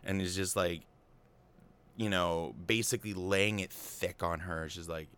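A man with a slightly low voice talks through a film plot in easy, casual chat. He is amused and opinionated, filling his talk with fillers and restarting his sentences as he goes. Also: steady tone, unhurried, a bit bright, clean tone, dry recording.

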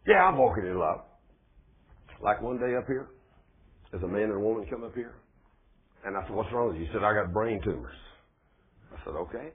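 Male preacher, husky and homespun, tinny lo-fi audio. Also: lowish voice, a little fast, pauses often. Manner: folksy, conversational preaching with plain speech and rising emphasis. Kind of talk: sermon. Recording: phone-like, thin lo-fi recording.

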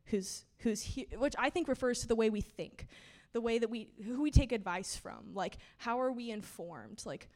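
Twenties gal preaching at church, super chatty, lots of "like" and giggles, kinda emotional. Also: female voice, fairly high pitch, animated, normal speed, a little mellow. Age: 20s. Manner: chatty, filler-heavy, laughing and emotional. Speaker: preacher giving a testimony and teaching. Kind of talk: casual conversational sermon. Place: church service.

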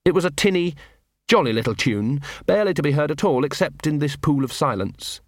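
A man reading a novel aloud as an audiobook narrator, in a measured, dramatic storytelling manner. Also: fairly high pitch, lively intonation, no room sound, studio quality. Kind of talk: scripted narration.

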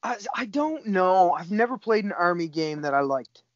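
A man's voice: high voice, big pitch swings, moderate pace, no room sound, highs cut off. A man in his thirties from Cape Breton, a jiu-jitsu coach talking in laid-back casual chat and swearing often. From Cape Breton, Canada. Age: 30s.

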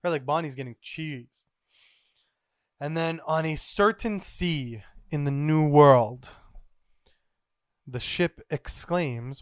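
Podcast host, man, rambling, excitable, smooth clear voice, fairly high. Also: slow pace, no room sound, clean studio sound. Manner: rambling, excitable, swears casually. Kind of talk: casual manga recap.

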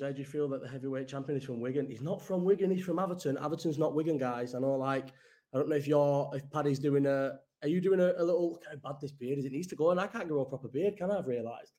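A young man hosting a casual live-chat stream, rambling, swearing and answering viewers' comments as he goes. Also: on the high side. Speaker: livestream host.

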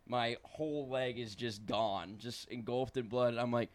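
A man's voice: mid-range voice, fairly even intonation, normal speed. A man hosting a casual podcast, telling a story loosely with a lot of swearing.

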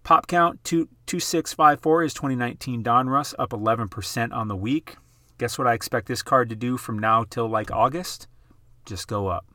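A man hosting his own channel, chatting casually over price charts in an excitable, emphatic way, repeating phrases for effect. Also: mid-range voice, normal speed, dry recording, studio quality. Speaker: YouTube host.

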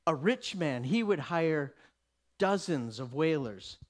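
High-voiced man preaching with dramatic swings. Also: expressive, slow. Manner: dramatic, swings from loud declaration to hushed whisper; acts out the people in the story. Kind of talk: sermon.

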